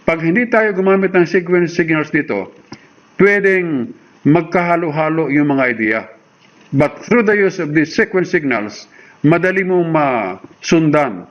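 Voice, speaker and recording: A man's voice: a little high, expressive, normal speed, highs cut off. A man with a Filipino accent teaching an English grammar lesson, switching between English and Tagalog, reading word lists one at a time and checking in with "okay" and "all right.".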